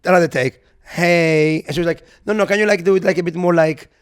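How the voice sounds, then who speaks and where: A young man holds the floor on a casual podcast, a touch high in pitch. He tells his story with gusto, acting out each quoted voice and dropping the odd swear word. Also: a little fast, clean tone. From Europe. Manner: animated storyteller who acts out quotes, swears. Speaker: podcast co-host. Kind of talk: casual chat, anecdote.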